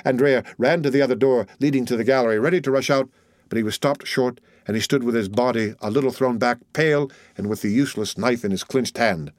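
A male narrator reads a classic novel in a steady, measured voice at a middle pitch. The recording is dry and close, with no room sound. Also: dry recording. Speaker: audiobook narrator. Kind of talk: scripted narration.

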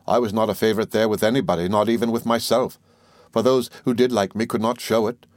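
Measured and even, a man's scripted narration of a classic novel plays as an audiobook. His pitch is medium, the audio is studio quality, and there's no echo.

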